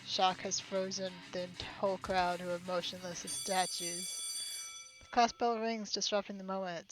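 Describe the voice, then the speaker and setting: A woman's voice: medium pitch, rough recording. A young woman streaming a game, reading it aloud and reacting with incredulous, laughing, sweary remarks.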